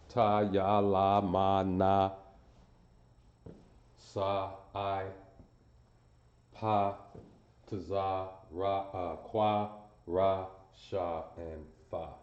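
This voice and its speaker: In a deep, darkish voice with a flat, very slow delivery and frequent pauses, a man teaches a class in front of a board. He drills sounds aloud, repeats phrases, and quizzes his students, recorded by a camera he sometimes walks away from, so the sound is roomy and muffled.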